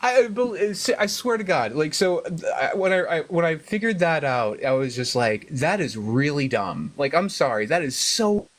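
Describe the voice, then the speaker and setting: A man as an interview guest, telling stories animatedly with frequent laughs and sudden jumps in pitch. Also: lively intonation, normal speed, few pauses. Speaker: guest, cookbook author. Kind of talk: casual interview chat.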